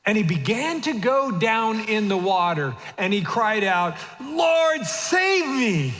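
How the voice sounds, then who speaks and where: A man in his fifties preaching a sermon as senior pastor in a church auditorium, moving from hushed asides to shouted emphasis. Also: sits high. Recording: long reverb of a church hall.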